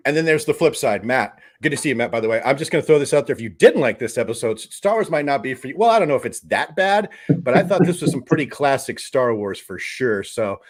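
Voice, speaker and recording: Male live-stream host, animated pitch, reads chat aloud, excitable. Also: fast talker. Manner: lively, reads out chat comments with excited outbursts. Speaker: host of a live fan show.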